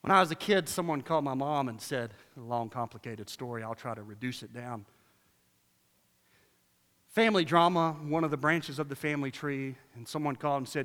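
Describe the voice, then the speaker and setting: A man preaching a sermon as pastor, passionate and sarcastic by turns, moving between quiet storytelling and loud exhortation in a large church. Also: medium pitch, fairly quick. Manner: sarcastic asides. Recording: long reverb of a big church hall.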